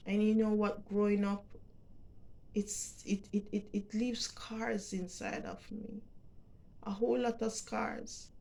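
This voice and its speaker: Jamaican lady vlogging, talks slow and halting, keeps repeating words, heartfelt. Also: medium pitch, a little mellow. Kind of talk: personal storytelling to camera.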